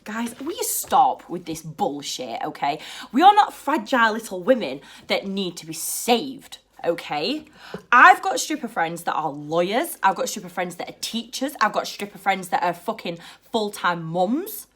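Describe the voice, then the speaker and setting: Lively, profane British woman vlogging. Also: medium pitch, normal speed, husky. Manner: blunt, profane and animated. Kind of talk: casual to-camera chat.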